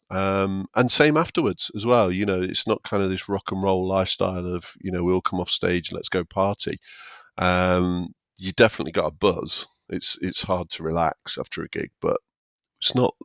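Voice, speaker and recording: A man's voice: deep voice, fairly bright tone, clear, resonant tone, dry recording, lo-fi sound. A man, a stand-up comedian talking casually on a podcast and often acting out what people say. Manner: chatty, acts out quotes of himself and others.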